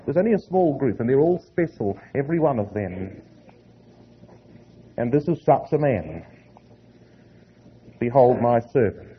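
A man preaching a sermon to a congregation, reading scripture slowly with heavy emphasis. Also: on the high side, slightly rough, lo-fi sound.

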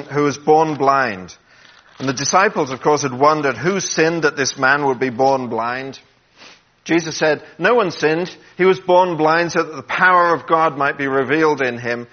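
A man preaching a sermon in an earnest voice, dropping low and quiet when he quotes Jesus. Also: moderate pace, muffled recording. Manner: earnest, drops to a hush when quoting, gets emotional.

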